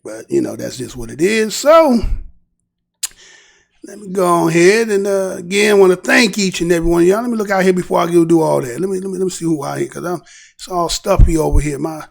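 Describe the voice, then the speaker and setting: Gravelly high-voiced man ranting. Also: a little fast. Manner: animated, emphatic, drifts into muttering. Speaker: show host. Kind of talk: casual livestream commentary.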